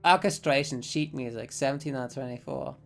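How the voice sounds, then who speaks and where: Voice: mid-range voice, a little fast, creaky. A game streamer talking through play live, rambling off on tangents and swearing freely. Faint game music runs beneath the voice. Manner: blunt, swearing, rambling asides with laughter.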